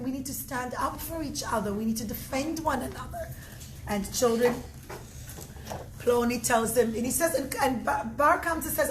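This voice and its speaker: High-voiced woman telling children a story. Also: moderate pace. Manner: animated, addresses children. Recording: echoey room with steady noise.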